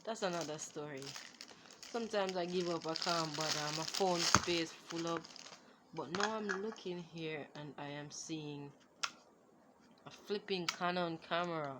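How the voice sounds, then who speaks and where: A woman, unboxing gifts in a casual vlog, excitable and exclaiming, recorded on a phone. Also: sits low, measured pace. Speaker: vlogger. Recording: phone recording with clear background noise.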